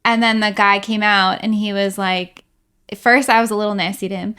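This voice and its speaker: Speaking at normal speed in a steady, sharp yet smooth mid-range voice, this podcast co-host discusses faith casually. She's candid and self-deprecating, acting out lines she herself said.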